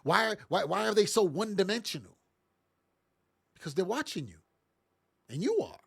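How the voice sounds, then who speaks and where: Emphatic man with a higher voice. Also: big pitch swings, moderate pace, creaky, breathy edge. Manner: emphatic, repetitive, street-casual phrasing. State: congested from sinus trouble. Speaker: parenting podcast host. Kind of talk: motivational monologue.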